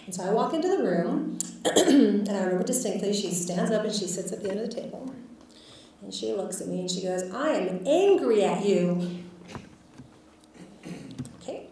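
A woman physician, appearing as a guest speaker, tells a lecture audience a story about a patient, speaking candidly and reflectively with plenty of filler words. Her voice is medium-pitched, dark and a little fast. The recording has slight background noise and the echo of a lecture hall, with the mic far away.

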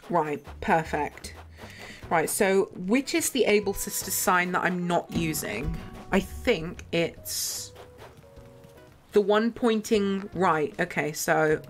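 A young woman livestreaming a game from her bedroom, chatting casually and giggling as she plays. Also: fairly low pitch. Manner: chatty, giggly, talks to herself while playing. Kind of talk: casual gameplay chat. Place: home bedroom.

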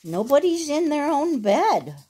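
A woman's voice: high-pitched, big pitch swings, measured pace, warm tone. A woman reading a bedtime picture book aloud at home, stopping for chatty asides to her dog. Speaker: reader of a children's picture book.

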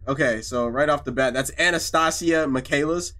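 Brief: male gaming host, excitable and joking, bright voice pitched a bit high. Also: moderate pace, hardly any pauses. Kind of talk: casual gameplay commentary.

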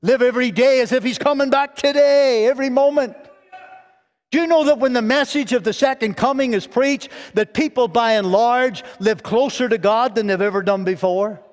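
Fervent high-voiced male pastor preaching. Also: normal speed. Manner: fervent preaching, swinging between loud high exhortation and quiet low tones. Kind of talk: sermon. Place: church sanctuary. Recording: long church reverb.

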